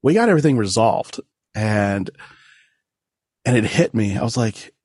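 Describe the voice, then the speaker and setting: A man's voice: lowish voice, moderate pace, long pauses, a little mellow, breathy edge, no echo, studio quality. A man in his forties, a podcast guest, telling a personal family story in a candid, self-deprecating way with frequent laughs.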